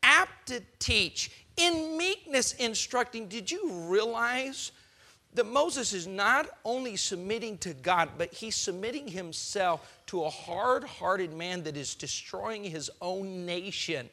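A male preacher delivers a sermon with emphatic, pointed delivery. He keeps putting rhetorical questions to his listeners. His voice sits high and rings very bright and forceful. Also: expressive, slow.

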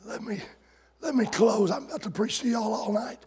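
A man preaching a folksy, sarcastic sermon that builds to shouted climaxes. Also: high-pitched, brisk, slightly rough.

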